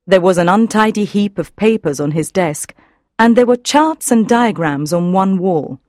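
A woman narrating an audiobook in a measured, even reading. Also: medium pitch, no room sound, studio quality.

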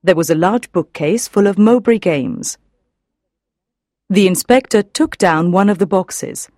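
In a clean studio recording with no echo, a woman with a medium-pitched voice narrates an audiobook, reading in a measured, even way.

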